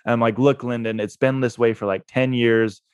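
A man's voice: mid-range voice, steady tone, a little fast, smooth, dry recording, clean studio sound. A man being interviewed, telling a story in a laid-back way and laughing at himself. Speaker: guest, real estate investor.

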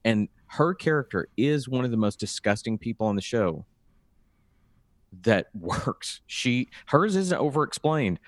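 A man's voice: medium pitch, expressive, a little slow, dry recording. A man co-hosting an awards-prediction chat, talking eagerly and often repeating words as he starts a thought. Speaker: podcast co-host. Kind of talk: casual chat.

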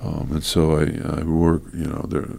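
A man talking earnestly in a casual conversation about teaching and counseling, halting with many fillers. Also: very deep voice, monotone, gravelly, dark tone, slight background noise.

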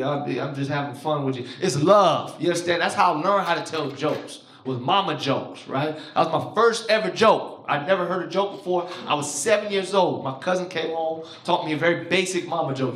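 A stand-up comedian in his thirties performs a set on a comedy club stage, telling stories loudly and animatedly and doing crowd work. His voice is on the high side for a man, the recording has a roomy, reverberant live-club sound, and audience laughter is heard in the background.

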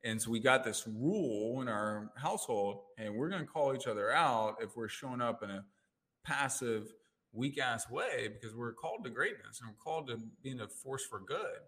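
A man talking as a life coach in a casual interview. He explains his methods in an animated way and acts out inner voices with jumps in pitch. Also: moderate pace. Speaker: life coach and NLP practitioner.

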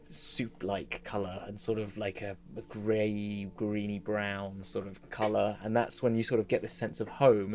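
A man's voice: lowish voice, a little mellow. A man running a tabletop game as dungeon master, describing scenes in a rambling, think-aloud way.

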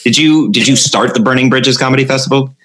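A man hosting a comedy podcast in casual chat, laughing a lot and speaking in halting phrases. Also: medium pitch, fairly bright tone, rough recording. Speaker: podcast host.

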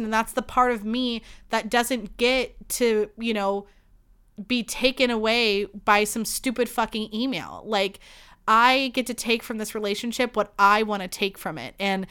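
Smooth-voiced woman near tears. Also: fairly high pitch, fairly even intonation, unhurried, sharp tone. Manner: emotional, swearing, many fillers. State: holding back tears. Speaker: podcast host. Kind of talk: candid personal monologue.

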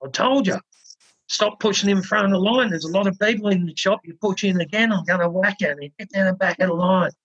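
A man's voice: a little high, fast talker, a bit bright, husky, dry recording. A man voicing a stern shop owner who scolds and threatens a customer in a joke. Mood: threatening. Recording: dull dry lo-fi.

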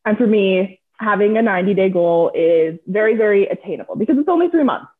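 An earnest, upbeat woman talking about her own routines as a guest on a chat show. Her mid-pitched voice comes through a thin, phone-like line. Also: animated, brisk. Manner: earnest, upbeat, laughs easily. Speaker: guest, coaching client. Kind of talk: casual interview. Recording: tinny call line.

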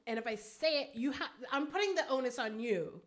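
A woman co-hosting a podcast in casual comedic chat, animated and profane, laughing often and tossing in quick asides. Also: high voice. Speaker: podcast co-host.

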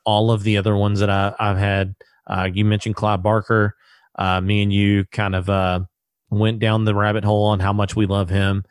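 A man hosting a relaxed interview, chatting casually and acting out stories with quoted voices. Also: lowish voice, moderate pace, no echo, studio quality. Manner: animated storyteller, acts out quoted voices. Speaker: podcast host.

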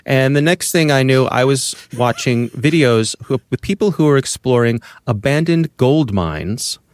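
Role: podcast co-host. Sex: man. Style: casual chat. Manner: measured, musing. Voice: mid-pitched. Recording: dry and close. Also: expressive, no room sound. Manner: measured, thoughtful, musing aloud.

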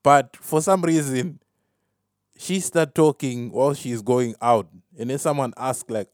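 A man's voice: medium pitch, a little slow, darkish tone, no room sound, clean studio sound. Rambling man laughing at his own jokes. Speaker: podcast host. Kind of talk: solo podcast rambling.

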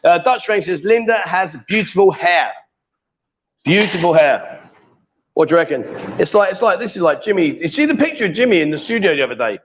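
A man's voice: sits high, expressive, a little fast, highs cut off, a little hiss or hum. A man hosting a casual live stream, teasing and joking as he reads out viewer comments. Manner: jokey, teasing, coaxing. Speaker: livestream host.

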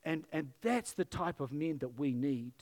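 A man's voice: fairly high pitch, expressive, moderate pace, a little mellow. A middle-aged male pastor giving an emotional, earnest sermon in church and closing in prayer, pleading with his listeners.

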